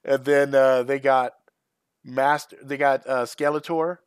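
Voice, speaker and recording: A man's voice: medium pitch, flat delivery, a little slow, smooth, no room sound, clean studio sound. A middle-aged man hosting his own channel, chatting casually on a live stream, rambling and swearing, often breaking into laughter. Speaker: channel host.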